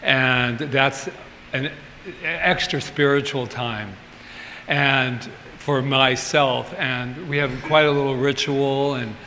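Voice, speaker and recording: A man's voice: medium pitch, steady tone, takes it slowly, bright, forceful tone. A male pastor giving an informal sermon in a chatty, candid way with humorous asides, recorded in a church sanctuary. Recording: reverberant hall, faint ambient noise.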